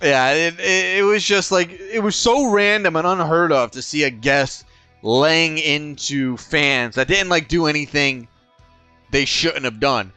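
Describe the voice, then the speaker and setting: A man's voice: fairly high pitch, measured pace, bright, forceful tone, smooth, dry recording, soft background music. A man co-hosting a podcast, telling stories in casual chat, swearing now and then and restarting his sentences. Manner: storytelling, profane, many restarts. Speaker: podcast co-host.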